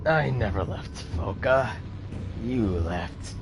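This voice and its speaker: A man voicing a menacing, vengeful male warlord in a game, reading his lines in a low growl. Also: lively intonation, slow, noisy background. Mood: bitter. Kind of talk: reading game dialogue aloud.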